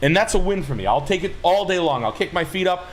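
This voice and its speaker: A man hosting a livestream, ranting loudly and emphatically with lots of swearing. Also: high voice, expressive, fast talker. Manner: loud, swearing, emphatic, rambling. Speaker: streamer host. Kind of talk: profane livestream rant.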